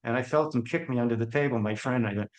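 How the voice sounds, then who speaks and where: Talking fast in a mid-range voice, a podcast guest recounts episodes from his working life, imitating the people he's describing with plenty of animation. The interview was recorded in an echoey space.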